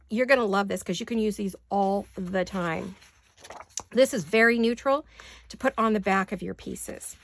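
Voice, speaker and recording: A woman hosting a crafting video in her home studio, chatting casually and gushing over each page with repeated words of praise. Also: a little high. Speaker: crafting channel host. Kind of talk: casual show-and-tell chat.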